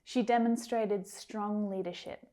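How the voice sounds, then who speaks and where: A woman leads a pronunciation lesson at an unhurried pace. Her voice is mellow and soft. She over-articulates each word and repeats it patiently, sometimes dropping to a whisper. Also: mid-range voice, fairly even intonation. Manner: carefully over-articulated, drilling single words. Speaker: English pronunciation teacher. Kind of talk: slow, deliberate pronunciation lesson.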